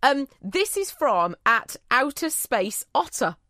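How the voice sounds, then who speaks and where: British woman podcast host, higher voice that jumps around a lot, playful, dry close sound. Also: very animated, bright, forceful tone, no room sound. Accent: British English. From Britain. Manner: playful, quick to laugh, reads out listener messages. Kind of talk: casual podcast chat.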